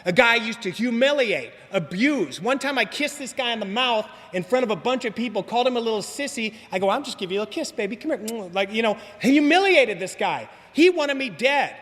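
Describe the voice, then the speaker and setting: A man with an unusually high voice tells his story at a recovery meeting. He talks in an animated, slangy way and throws in casual asides. His voice rings with the long reverb of a meeting hall. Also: brisk, hardly any pauses.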